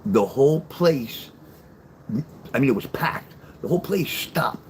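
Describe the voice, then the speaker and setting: A man's voice: medium pitch, lively intonation, a little slow, darkish tone, slight background noise, low-quality recording. An older man telling stories and chatting casually with viewers on a livestream, blunt and profane. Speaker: livestream host.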